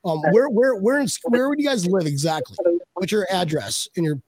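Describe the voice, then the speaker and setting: A man's voice: high voice, big pitch swings, normal speed, darkish tone, a little hiss or hum. Rambling, jokey male podcast host. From Buffalo, USA. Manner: rambling and jokey, many restarts. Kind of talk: casual chat.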